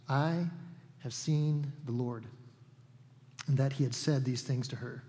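Conversational preacher with hall reverb. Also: male voice, a little high, a little mellow. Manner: conversational storytelling preacher, with asides and paraphrases. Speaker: pastor. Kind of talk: sermon.

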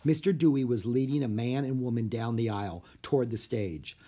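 A narrator reading a children's chapter book aloud with expressive, animated storytelling. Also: medium pitch, brisk.

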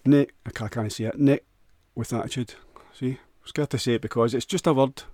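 In a clean studio recording with no room sound, a Scottish-accented man delivers a crude, joking monologue on his own, stumbling and starting over frequently. He speaks briskly in a mid-range, darkish voice with fairly even intonation.

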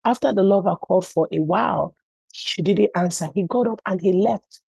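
A woman's voice: medium pitch, moderate pace, gravelly, mellow, breathy edge, dry recording, poor audio. A woman pastor preaching conversationally and telling stories, with frequent "you know" asides.

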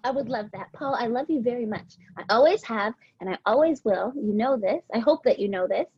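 A woman's voice: a little high, lively intonation, brisk, breathy edge, no room sound, muffled recording. A woman guest on a podcast, talking in a rambling, heartfelt way, a little out of breath. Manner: rambling with many "like" fillers, heartfelt. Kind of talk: casual interview chat.

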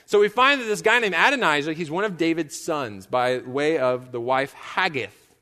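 A man delivering a sermon in a casual, storytelling manner, slipping into quick bits of dialogue for the characters he describes. His voice sits a little high for a man. It rings out in a church hall with a long reverb tail. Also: pushed and bright. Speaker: pastor. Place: church sanctuary.

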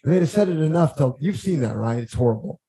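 A man guesting on a podcast, telling stories in a lively, rambling way and acting out what others said. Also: fairly high pitch, fast, poor audio. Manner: animated, acts out quotes, frequent restarts. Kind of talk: casual storytelling chat.

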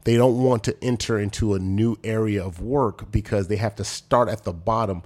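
This is a man in his forties with a fairly low voice, telling his stories in a relaxed chat. He is a former football player. He jumps up in pitch when he acts out other people's lines. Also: moderate pace. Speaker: former pro football player, podcast guest. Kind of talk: casual storytelling chat.

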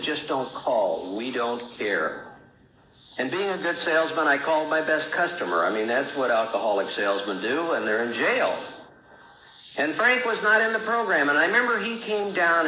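A man's voice: on the high side, slight background noise. Man telling his story in a roomy hall. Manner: plain-spoken storytelling, acting out remembered dialogue. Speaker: speaker sharing his recovery story. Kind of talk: personal testimony at a recovery meeting. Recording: roomy, dull old talk recording.

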